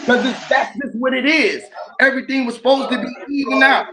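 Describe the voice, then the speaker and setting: A high-pitched man sounds off on a livestream panel, angry and swearing, circling back to the same points again and again. There is a faint hiss of noise behind his voice. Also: fairly quick. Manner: angry, profane, repetitive. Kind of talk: heated livestream chat.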